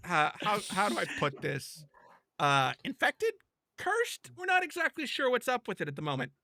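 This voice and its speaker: Bright-voiced man running a tabletop game. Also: high voice, very animated, moderate pace, gravelly, dry recording, clean studio sound. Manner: hesitant, lots of uh and restarts. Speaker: game master.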